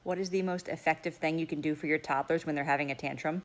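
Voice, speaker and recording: Brief: young mom, low voice, talks fast, practical step-by-step parenting advice to camera. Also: female voice, steady tone. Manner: practical, matter-of-fact, explaining step by step. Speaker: mother giving parenting tips.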